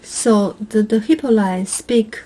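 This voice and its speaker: A woman's voice: mid-range voice, takes it slowly, dark tone, rough recording. A woman with a Chinese accent learning English, asking questions and guessing at the meanings of words. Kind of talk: casual study chat.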